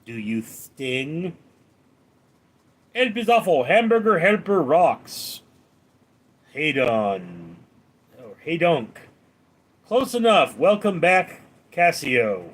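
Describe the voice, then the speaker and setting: A man's voice: a little high, very animated, slow pace, long pauses, a bit bright, slightly rough. A man hosting a casual live stream, reading viewers' names and questions aloud and answering them in a dry, offhand way.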